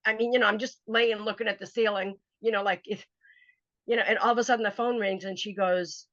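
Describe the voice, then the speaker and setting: A woman telling a personal story in a casual interview, animated and acting out what other people said. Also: medium pitch, fast, no echo. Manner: animated, acts out quoted voices. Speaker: author telling her story. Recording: dry, slightly dull recording.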